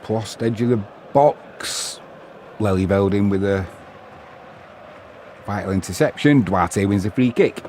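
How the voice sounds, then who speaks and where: A middle-aged Englishman with a fairly low voice hosts a casual live football stream. He chats loosely and banters with viewers between bits of match commentary, over a faint hum of noise behind him. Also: measured pace, long pauses, darkish tone. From England. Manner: chatty, bantering, reads viewer messages aloud.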